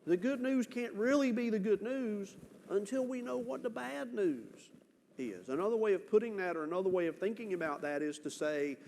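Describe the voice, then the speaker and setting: A man preaching a sermon as pastor, earnest and emphatic, with dramatic pauses. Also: high voice, lively intonation, gravelly, darkish tone, a little hiss or hum. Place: church sanctuary. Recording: church hall reverb, faint ambience.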